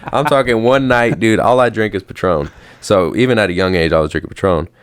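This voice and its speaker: A man's voice: lowish voice, fairly quick, clean tone. A young man casually telling a rambling story on a podcast, slangy and swearing often. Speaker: podcast host.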